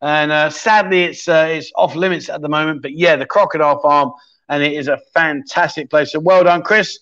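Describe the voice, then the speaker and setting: Fairly quick and fairly even in intonation, a man with a slightly high, a bit bright voice hosts a casual livestream chat show. He reads viewer comments aloud, chatting, joking, and thinking out loud as he scrolls, in slightly dull lo-fi sound.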